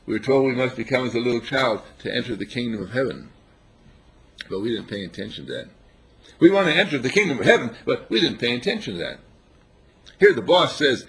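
A man giving an informal sermon on a spiritual path, telling stories with animated chuckles. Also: mid-range voice, slightly rough. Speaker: spiritual teacher.

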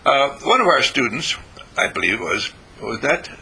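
Older man, husky voice, bright timbre, lively pitch, rambling sermon, folksy asides. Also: normal speed, low-quality recording. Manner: rambling, many fillers and restarts, folksy asides. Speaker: spiritual teacher. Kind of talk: informal sermon to students.

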